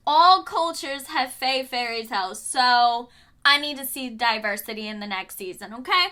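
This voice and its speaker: A woman's voice: sits high, moderate pace, sharp tone. A young woman vlogger giving a blunt, casual review while doing her makeup, swearing and throwing in exasperated asides. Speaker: beauty vlogger. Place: home room doing makeup.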